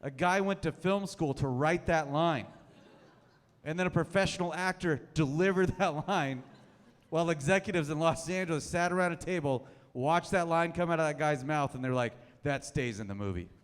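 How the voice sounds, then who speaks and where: A man's voice: on the high side, moderate pace, long reverb tail. A man in his thirties doing a stand-up set on a club stage, dry and self-mocking. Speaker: stand-up comedian.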